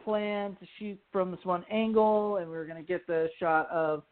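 Filmmaker telling a story, lots of uhs and ums, mid pitch, tinny phone sound. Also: steady tone, moderate pace. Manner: loose, hesitant with many fillers. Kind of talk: casual podcast chat.

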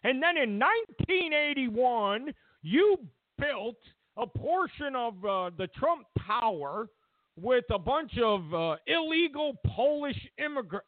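A man hosting a political commentary show, ranting loudly and mockingly, slipping into put-on voices for the people he quotes. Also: extremely high pitch, very animated, takes it slowly, no echo, narrow, tinny audio.

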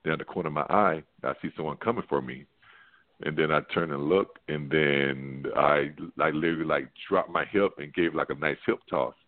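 Deep-voiced man rambling on a phone line. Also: brisk. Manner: rambling, animated anecdote full of "like" and restarts. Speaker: former pro football player guest. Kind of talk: casual storytelling on a sports phone-in show.

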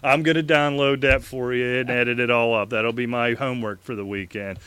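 A man hosting a fantasy football show who rants in an animated way and laughs often. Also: mid-range voice, brisk, smooth, dry recording. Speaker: fantasy sports show host. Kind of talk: casual sports talk.

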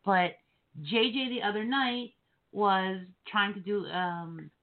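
A woman with a New Jersey accent hosting a podcast, animated and teasing as she chats with her guests. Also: mid-range voice. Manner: animated, quick to laugh, teasing. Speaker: podcast host. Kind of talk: casual podcast interview. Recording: phone-like band-limited audio.

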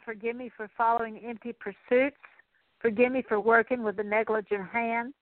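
A middle-aged woman leading a spoken prayer of repentance, slow and halting, with many fillers and repeated words. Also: fairly high pitch, no room sound. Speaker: Christian teacher. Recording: tinny dry phone-like radio recording.

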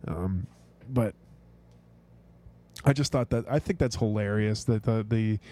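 Mellow-voiced man ranting about sports. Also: fairly low pitch, a little slow. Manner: ranting, swearing, lots of restarts. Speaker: podcast host. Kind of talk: casual sports chat.

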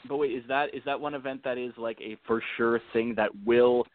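A man's voice: mid-range voice, steady tone, brisk, no room sound. Guy from alberta rambling on a call, laughs a lot, tinny phone audio. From Alberta, Canada. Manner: rambling, self-deprecating, laughs easily, many restarts. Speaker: guest. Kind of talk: casual call-in chat. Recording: tinny phone line, dry.

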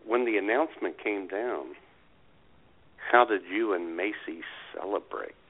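A man's voice: lowish voice, unhurried. A man co-hosting a casual radio chat, dropping wry asides. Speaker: podcast co-host. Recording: tinny phone-like audio.

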